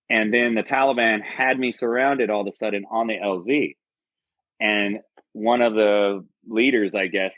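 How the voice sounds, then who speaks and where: An American army veteran, appearing as a podcast guest, tells a personal story in a rambling, earnest and profane way. His voice sits lowish and the recording is dry, with a dull lo-fi podcast sound.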